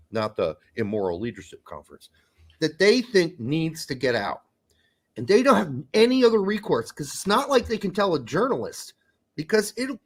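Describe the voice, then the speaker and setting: Guy cohosting a soccer podcast, swears a lot, pitch swings all over, kinda high voice. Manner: blunt, profane, jumps into mock voices. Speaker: podcast co-host. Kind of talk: casual chat.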